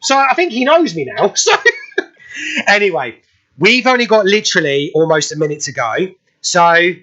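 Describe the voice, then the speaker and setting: Chatty bright male radio host. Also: sits high, very animated, moderate pace, lo-fi sound, a little hiss or hum. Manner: chatty anecdote-telling, laughs often. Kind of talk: casual radio chat.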